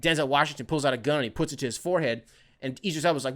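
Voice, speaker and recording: Young adult male podcast host, slightly high voice, rambling, animated, profane, self-correcting. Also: quick pace. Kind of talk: casual solo monologue.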